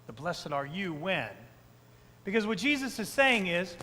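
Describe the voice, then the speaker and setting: A man's voice: high voice, very animated, measured pace, sharp tone. A male pastor preaching a conversational sermon, checking in with the congregation and repeating key phrases for emphasis. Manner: conversational, frequent "right?" asides to the congregation; emphatic repetitions. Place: church sanctuary. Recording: long church reverb.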